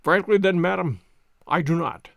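A man voicing a calm, reserved detective who explains a puzzling case in a measured way. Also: high voice, gravelly, no echo, studio quality.

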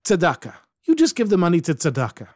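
A man voicing a kindly man posing as a woodcutter, speaking slowly and persuasively with a Ukrainian accent. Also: high-pitched, wildly swooping pitch, dry recording, clean studio sound, pitched above the performer's own voice. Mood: reassuring. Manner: slow, gently persuasive.

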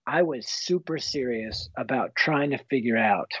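Husky-voiced man telling his story. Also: medium pitch, unhurried, dry recording. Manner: earnest, animated, folksy storytelling. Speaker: guest author. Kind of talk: personal testimony storytelling. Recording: slightly muffled, dull recording.

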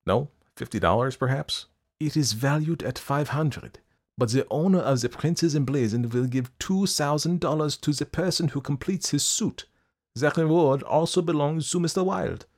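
A man reading aloud and voicing an earnest, persistent older man with gentle concern. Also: a little high, normal speed, pitched above the performer's own voice.

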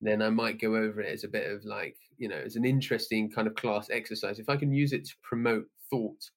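A man's voice: lowish voice, steady tone, fast. A man, a science teacher speaking bluntly in a conversational interview, acting out exchanges with students.

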